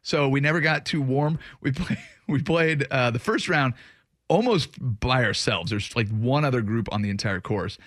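A man's voice: mid-range voice, moderate pace, a bit bright, no echo, clean studio sound. A man hosting a sports radio show, telling rambling stories in casual banter. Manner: rambling, chatty storyteller.

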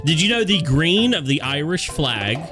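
Man, podcast co-host, jokey fun-fact reader, lively bouncing pitch, music in the background. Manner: jokey, playful, drawn-out emphasis. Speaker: podcast co-host presenting the segment. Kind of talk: casual banter reading fun facts.

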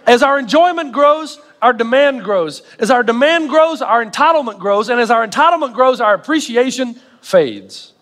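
A middle-aged male pastor delivering a sermon with animated storytelling and self-mocking humor. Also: extremely high pitch, moderate pace, few pauses, long reverb tail.

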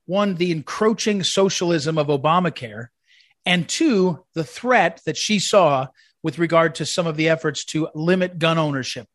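A man's voice: fairly high pitch, moderate pace, fairly bright tone, no room sound, studio quality. A man hosting a commentary segment, telling rambling, anecdotal stories in a eulogy style. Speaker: commentary host.

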